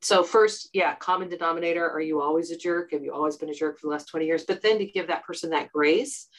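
A woman's voice: low-pitched, quick pace, low-quality recording. A middle-aged woman speaking frankly and emphatically as a guest in an interview. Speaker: podcast guest. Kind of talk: candid interview conversation.

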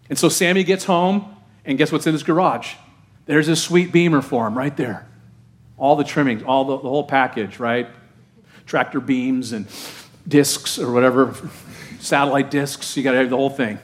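Male pastor, sermon, fairly high voice, animated, conversational, questions to congregation. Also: normal speed, long pauses. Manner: animated, conversational preaching with rising fervor.

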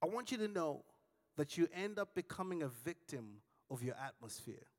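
A man preaching a sermon, telling dramatic stories and acting out the dialogue, with calls for the congregation to shout back. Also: on the high side, big pitch swings, moderate pace, big-room sound. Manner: dramatic storytelling with big swings between shouting and hushed tones; acts out dialogue with audience call-and-response.

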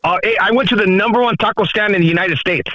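A man talks quickly on a casual podcast, rambling from one story to the next with lots of restarts and jokes. His voice sits high and bright. The sound is dry and close. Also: no echo, rough recording. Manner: rambling, joking, many restarts. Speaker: podcast co-host calling in from the road.

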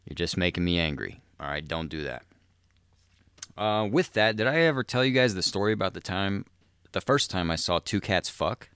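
A man with a very low, smooth voice riffs profanely as a podcast host. He rambles and chuckles through his stories. The sound is dry and close. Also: expressive, moderate pace, fairly bright tone, dry recording. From South Dakota. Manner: profane, rambling, laughs mid-sentence. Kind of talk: crude comedic monologue.

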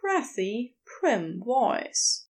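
A woman narrating a story in a lively, expressive voice that rises and falls a lot. She sits fairly high and takes her time over the words. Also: drawn-out words. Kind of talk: scripted narration.

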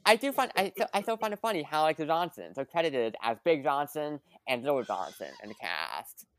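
Lady recapping a movie on a podcast, super lively up and down voice, dry sound. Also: low voice, brisk, no room sound. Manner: animated, recaps plot with quoted asides. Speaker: podcast guest.

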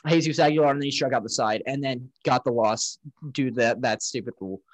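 A man's voice: medium pitch, fast, no room sound, rough recording. Casual man recapping baseball stats. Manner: rambling, recaps stats with frequent restarts. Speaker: podcast co-host. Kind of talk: casual sports chat.

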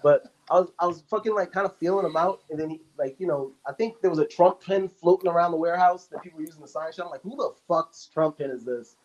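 A man, a comedian, chatting on a podcast in a loud, profane, animated way. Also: a little high, fast talker, hardly any pauses, lo-fi sound. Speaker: comedian guest. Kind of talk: casual podcast chat.

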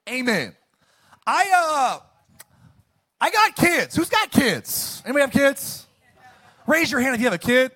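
A man preaching a sermon, animated, swinging from loud bursts to hushed lines and asking the congregation to answer back. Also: extremely high pitch, a little slow, pauses often, slightly rough. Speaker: pastor.

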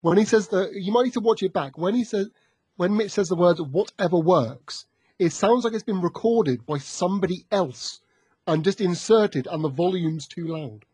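A man's voice: sits high, moderate pace, darkish tone, slightly rough, dry recording. A man co-hosting a casual podcast, chatty and thinking aloud as he asks questions. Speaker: podcast co-host. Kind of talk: casual chat.

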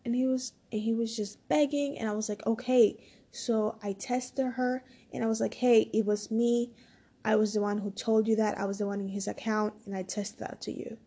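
A woman's voice: fairly high pitch, flat delivery, normal speed, mellow, slightly rough. A woman casually telling a personal story, rambling and full of "like" as she quotes what people said.

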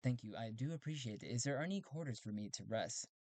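A polite human space traveler stumbles over his words and apologizes as he asks for help, voiced by a man in a solo tabletop game. The voice sits at an ordinary middle pitch. The sound is dry and close-miked. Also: lively intonation, quick pace, a little mellow, no echo, natural voice. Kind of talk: solo tabletop role-play.

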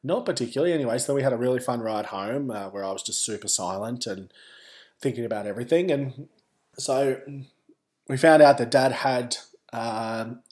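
Casting: Australian male podcast host, candid and wry, mid-pitch, loose rambling storytelling. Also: moderate pace, a little mellow. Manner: candid and wry, wandering asides. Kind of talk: casual personal storytelling.

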